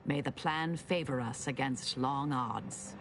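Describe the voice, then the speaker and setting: A woman voicing a calm, formal female factory owner in a video game. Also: extremely low pitch, full character voice. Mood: measured. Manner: formal, measured. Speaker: game character. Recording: game audio with music underneath.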